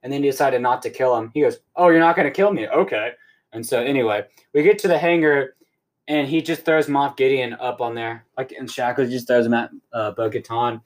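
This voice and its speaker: A young man hosting a podcast, rambling excitedly through a casual recap and swearing often. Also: mid-range voice, brisk. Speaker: podcast host.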